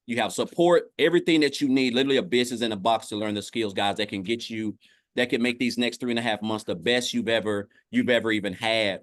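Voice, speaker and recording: A man's voice: mid-range voice, no echo, studio quality. Upbeat man on a livestream. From Tennessee, US. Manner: upbeat, keeps saying "guys", restarts phrases. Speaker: guest on an online business livestream. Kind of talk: casual testimonial chat.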